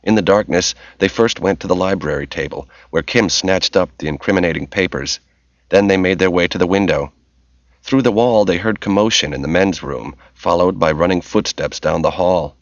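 A man giving steady, measured scripted narration of a novel, in a dull, lo-fi audiobook recording. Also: deep voice, no room sound.

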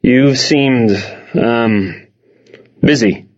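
A man voicing a stern, cold middle-aged father who speaks in a low, clipped way. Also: very slow, a little mellow. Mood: curt. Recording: dull lo-fi recording.

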